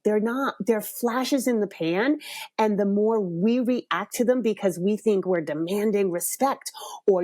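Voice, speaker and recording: Middle-aged woman, podcast host, casual storytelling, chatty, laughs a lot, animated when quoting people. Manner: chatty, laughs often, quotes people with lively jumps in pitch.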